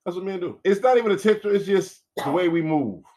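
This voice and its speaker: A man co-hosting a casual podcast with his wife, talking loudly and bluntly and swearing freely. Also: high-pitched, fast, distant mic. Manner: loud, profane, animated talker. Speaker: co-host. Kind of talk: casual couple's podcast chat.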